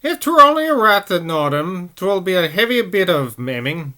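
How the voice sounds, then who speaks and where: A man putting on a shrill old Cockney woman. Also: sing-song, moderate pace, pushed and bright, exaggerated voice. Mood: grumbling. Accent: Cockney, put on.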